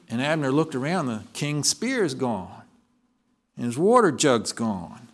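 Animated male preacher, lively voice. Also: mid-range voice, unhurried. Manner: animated storytelling, with frequent restarts and self-corrections. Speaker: pastor. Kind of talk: sermon.

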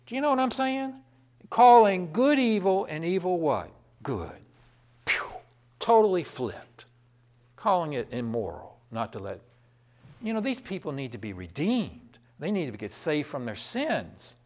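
A man preaching a sermon, swinging between loud, impassioned proclamation and quiet storytelling. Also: a little high, big pitch swings, unhurried.

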